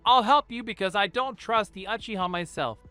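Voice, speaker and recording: A man voicing a gruff male fox spirit who speaks inside a boy's mind, in a growling voice. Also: high voice, brisk, pushed and bright, no echo, faint music behind, pitched above the performer's own voice. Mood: agreeing.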